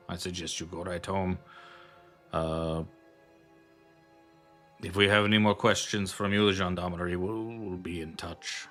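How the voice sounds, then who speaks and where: A man's voice: sits low, a bit bright. A man as a weary formal inspector. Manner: hesitant, formal.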